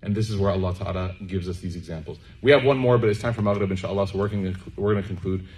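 A man's voice: low-pitched, very fast, a little mellow. A man giving a conversational sermon to a live audience, joking and checking in with listeners, then leading a closing prayer. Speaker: preacher.

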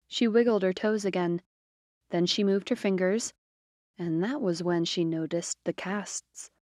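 A woman narrating a short story in a measured, expressive reading. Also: lowish voice, no room sound, clean studio sound. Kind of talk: scripted fiction narration.

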